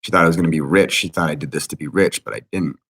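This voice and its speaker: A man in his thirties with a very low, deep voice tells his story in an agitated, profane way. He stumbles and restarts sentences as he talks. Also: rapid-fire, a bit bright, slightly rough. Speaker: interviewee. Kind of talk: emotional personal account.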